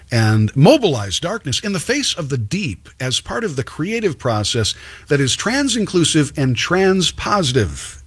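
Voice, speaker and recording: Sarcastic guy reading an article out loud, slow and husky, lots of ups and downs in pitch. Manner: sarcastic, scornful asides. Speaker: commentary host. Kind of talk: political commentary reading an article.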